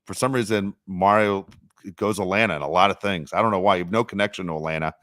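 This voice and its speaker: A man hosting a casual sports podcast, rambling and animated, with mock-complaining asides. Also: low voice, quick pace, dry recording, studio quality. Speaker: podcast host.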